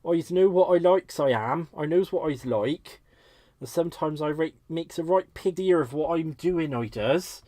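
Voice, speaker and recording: A man's voice: a little high, moderate pace, warm tone, no echo, voice pushed up, lightly acted. A man putting on a cheeky yokel. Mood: jokey. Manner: exaggerated dialect grammar, affectionate, jokey. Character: cheeky broad West Country yokel man.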